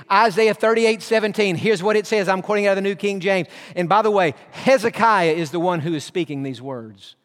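A pastor gives a sermon in an earnest storytelling style, stretching out scripture for emphasis. His voice is high for a man and a bit bright, ringing with the long reverb of a church hall.

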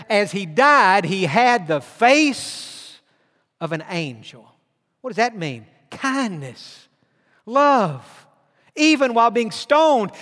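A man preaching a sermon, swinging from loud declarations to hushed tones. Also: high-pitched. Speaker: pastor. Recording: long hall reverb.

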